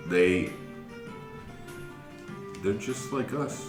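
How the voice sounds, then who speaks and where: A man's voice: on the low side, drawn-out words, echoey room, over music. A man playing a tabletop game, bantering playfully in character. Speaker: player. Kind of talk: tabletop role-play.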